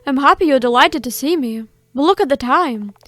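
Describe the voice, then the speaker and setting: A woman doing a quiet polite butler. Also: sits high, lively intonation, a little fast, dry recording. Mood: gentle. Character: calm polite male butler. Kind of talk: reading game dialogue aloud.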